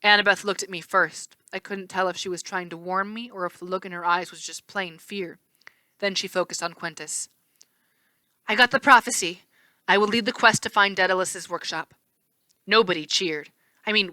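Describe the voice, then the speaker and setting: A woman reading a novel aloud in first person, expressive, with the odd slip and restart. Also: on the low side, no echo. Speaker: read-aloud narrator.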